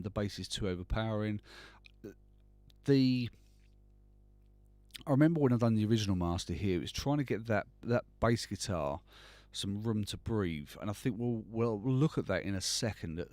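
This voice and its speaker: A man's voice: lowish voice, moderate pace, a little mellow, no echo. A man hosting a live, unscripted tutorial, thinking aloud as he works, with frequent restarts and fillers. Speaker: host demonstrating mastering software.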